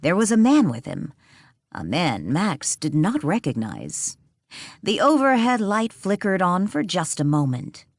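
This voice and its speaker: A woman reading a mystery audiobook as narrator, in a measured, suspenseful way. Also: on the low side, sing-song, dry recording, studio quality. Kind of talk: storybook narration.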